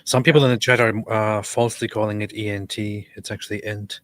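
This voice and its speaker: Relaxed low-voiced man guesting on a stream. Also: fairly quick, no echo, clean studio sound. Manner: relaxed storytelling with fillers and repeats. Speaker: guest co-host on a live stream. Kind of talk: casual live stream chat.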